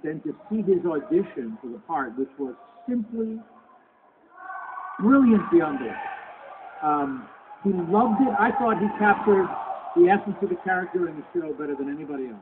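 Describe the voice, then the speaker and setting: Older guy rambling through stories at a con panel, kinda high voice, tinny noisy recording. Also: lively intonation. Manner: halting, with many restarts and fillers. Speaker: convention panel guest. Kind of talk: anecdotal Q&A talk. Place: convention hall. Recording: tinny lo-fi convention hall recording with background noise.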